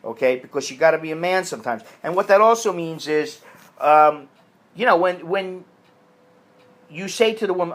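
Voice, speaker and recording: An American man delivers blunt, profane advice in a casual monologue. His pitch rises and falls all over the place, and he mocks other people's voices whenever he quotes them. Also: lively intonation, moderate pace. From United States. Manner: blunt and crude, puts on mocking voices for quotes. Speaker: vlogger giving advice.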